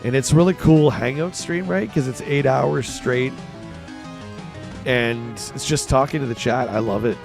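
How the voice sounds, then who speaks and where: A man's voice: medium pitch, unhurried, gravelly, a little mellow, faint music behind. A man from Canada with a Canadian accent, hosting a livestream and chatting casually while reading and answering his chat. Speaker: streamer host.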